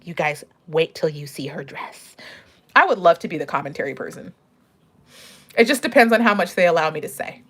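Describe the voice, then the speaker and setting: Young female streamer, chatty and excitable, pitch jumps all over. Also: a little fast. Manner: bubbly, gushing, animated. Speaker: pageant commentator and livestream host. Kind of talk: casual livestream chat.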